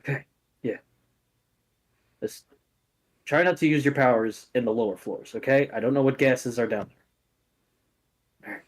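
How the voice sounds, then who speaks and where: A man voicing a father in a tabletop game who reassures his son in quick, hushed words. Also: mid-range voice, natural voice. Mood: reassuring.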